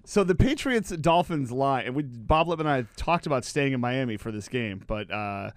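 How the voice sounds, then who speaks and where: A man's voice: mid-range voice, expressive, normal speed, dry recording. Mid-voiced guy on a sports pod, wry, chuckly, dry mic. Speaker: podcast co-host. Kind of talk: casual sports podcast chat.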